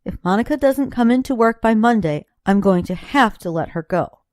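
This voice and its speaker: A woman voicing a calm, apologetic office manager in an audiobook, measured and polite. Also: fairly high pitch, no room sound, studio quality, close to an everyday voice.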